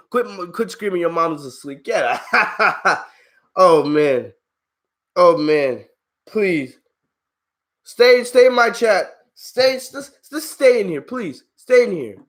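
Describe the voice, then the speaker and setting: A man's voice: sits high, expressive, takes it slowly, long pauses. A man hosting a live-stream wrestling review, ranting in an exasperated, heated way at viewers in his chat, swearing freely and laughing at them. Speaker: wrestling channel host.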